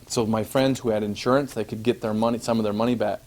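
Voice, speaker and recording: A man telling a personal travel story to an audience, animated and acting out scenes, laughing at his own tale. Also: on the low side, quick pace.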